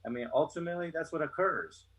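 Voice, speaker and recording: A man's voice: fairly high pitch, quick pace, fairly bright tone, poor audio. A man in his fifties, a retired soldier and podcast guest, ranting bluntly with constant swearing. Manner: blunt, heavy swearing, fired-up rant. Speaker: guest, retired Army chief warrant officer. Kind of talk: casual podcast chat.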